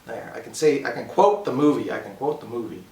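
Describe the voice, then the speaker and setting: A man voicing a dopey, good-natured cartoon dog-man with a slow drawl. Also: medium pitch, dark tone, voice pushed down, lightly acted. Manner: dopey drawl, throat-clearing. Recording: echoey room, far from mic.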